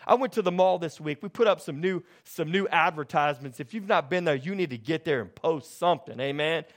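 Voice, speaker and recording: High-voiced pastor preaching with animated energy. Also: male voice, a little fast. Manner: animated storytelling, grows loud and excited. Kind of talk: sermon.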